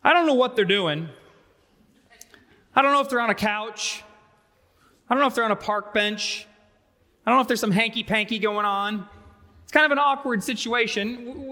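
A pastor in his thirties delivers a sermon with a high, bright, forceful voice. He tells stories in an animated, joking way. The sound carries a long reverb from the sanctuary. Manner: animated storytelling with humor. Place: large church sanctuary.

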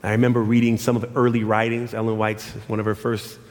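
A middle-aged man preaching a sermon as pastor, telling stories and acting out quotes in shifting voices. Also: fast. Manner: animated, acts out quotes in high and low voices. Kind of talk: sermon with storytelling. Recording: long hall reverb.

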